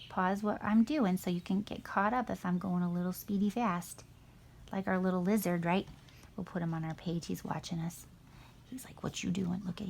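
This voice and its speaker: A woman's voice: medium pitch, creaky, a little hiss or hum. A middle-aged woman teaching a painting lesson to children in a chatty, encouraging way. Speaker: art teacher.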